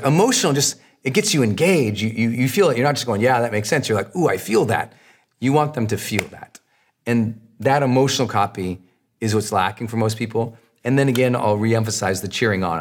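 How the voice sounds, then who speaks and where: A man hosting a podcast, answering listener questions with an emphatic, repetitive coaching delivery that rises and drops in pitch. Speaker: podcast host, marketing coach.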